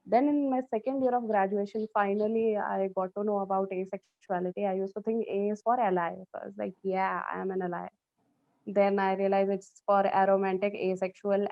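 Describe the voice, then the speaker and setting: A woman's voice: medium pitch, vocal fry, no room sound, highs cut off. A young woman, giving a candid, rambling personal account on an online panel, joking as she goes. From India. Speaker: panel speaker.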